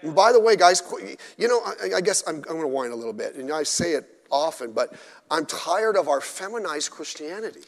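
At a midweek church service, a male pastor preaches bluntly and emphatically, tossing in mocking asides. His voice is slightly high, sing-song, creaky and fairly quick, echoing through the church hall.

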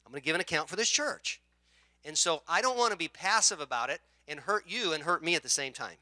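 Male pastor, sermon, high voice, very bright and sharp tone, dry sound, storytelling, jumps from murmurs to shouts. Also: animated, quick pace, no room sound. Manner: storytelling, acts out quoted voices, swings from quiet asides to shouting.

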